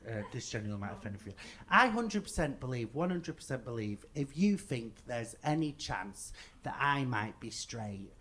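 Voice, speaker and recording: Animated English stand-up comedian, lively pitch. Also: male voice, moderate pace. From England. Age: 30s. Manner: animated, rising to loud outbursts for punchlines. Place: comedy stage before a live audience.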